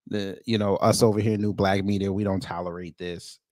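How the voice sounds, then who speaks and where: A man's voice: sits low, no echo, studio quality. A man hosting casual reaction commentary, talking to his viewers as family with frequent stammered restarts. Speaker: commentary show host.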